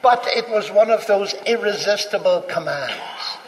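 A man with a high voice tells a personal story to an audience. He acts out the dialogue with animated delivery and the odd chuckle. His voice rings out in a large hall with a long reverb tail. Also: a little slow, a little hiss or hum. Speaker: speaker telling a personal story.

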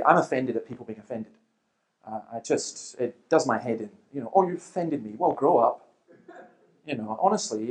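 Guy, middle-aged, lively church talk, storytelling with little asides. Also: on the high side. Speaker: Christian speaker.

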